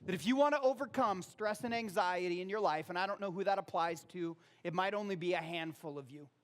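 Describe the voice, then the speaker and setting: A man preaching a sermon in a church, talking casually and rising loud on quoted verses. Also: high-pitched, a little fast. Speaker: pastor. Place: church auditorium.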